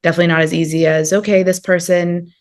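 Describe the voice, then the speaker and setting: A woman's voice: on the low side, flat delivery, quick pace. A woman hosting a podcast interview, asking thoughtful, searching questions. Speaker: podcast host.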